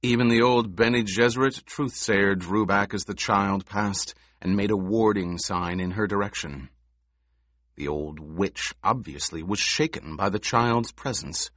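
A man reading an audiobook in a measured, expressive manner, recorded close to the mic. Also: lowish voice, no room sound. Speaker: audiobook narrator. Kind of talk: scripted narration.

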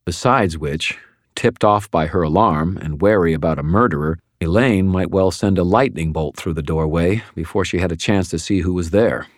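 Very deep-voiced man narrating an audiobook. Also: no room sound, studio quality. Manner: wry, measured storytelling. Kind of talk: first-person audiobook narration.

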